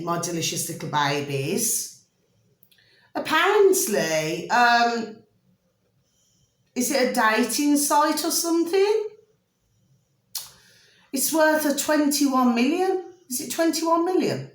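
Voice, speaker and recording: A middle-aged woman rambles warmly to her viewers from home, forever asking whether they see what she means. Her voice sits at an ordinary mid pitch. The room rings a little around her. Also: lively intonation, unhurried. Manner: chatty, doting, keeps checking listeners follow. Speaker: vlogger doing readings. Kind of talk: rambling casual chat to camera. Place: indoors at home. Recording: roomy home recording.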